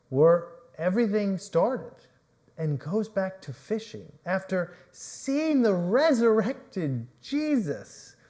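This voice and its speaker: A young adult male pastor preaching a livestreamed sermon, telling a story with dramatic storytelling and swings between loud and soft. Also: a little high. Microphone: livestream microphone.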